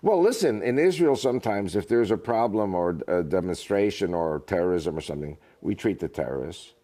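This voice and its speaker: A man being interviewed who talks freely and drifts into jokes and stories. His pitch swings widely, and his delivery is animated. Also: fairly quick. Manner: animated, joking storyteller. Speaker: guest, author and politician. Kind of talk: casual interview talk.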